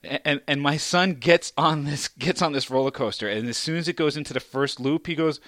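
A middle-aged man co-hosting a casual comedy podcast, telling family stories and acting out quotes with sudden loud jumps. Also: a little fast, no room sound, studio quality. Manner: animated, acts out quotes with big pitch jumps. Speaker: podcast co-host.

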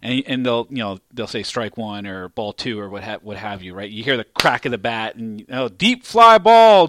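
A man's voice: lowish voice, a bit bright, dry recording. A man hosting a casual podcast, joking loosely and laughing easily. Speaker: podcast host. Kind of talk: casual chat.

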